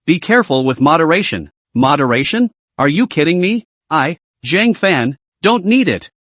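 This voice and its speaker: Animated male story-recap narrator. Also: a little high, dry recording.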